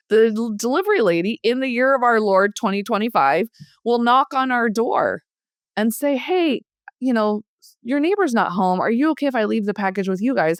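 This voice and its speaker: A woman's voice: medium pitch, dry recording, studio quality. Earnest, musing woman. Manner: earnest, musing, full of "like" and "you know". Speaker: podcast co-host. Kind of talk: reflective conversation.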